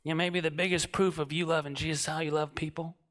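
Man, late thirties, preacher, sermon storytelling, animated, bright. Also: a little high, fast talker. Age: 30s. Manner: animated, swinging from shouting to hushed.

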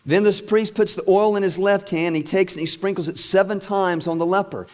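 A middle-aged male preacher delivers a sermon as animated storytelling. His voice sits fairly high, and long reverb from the hall trails after each phrase. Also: brisk. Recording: echoey hall.

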